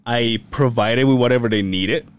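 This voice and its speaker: A man co-hosting a casual podcast, telling animated stories, acting out quoted dialogue and swearing freely. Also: medium pitch, normal speed, clean tone. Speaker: podcast co-host.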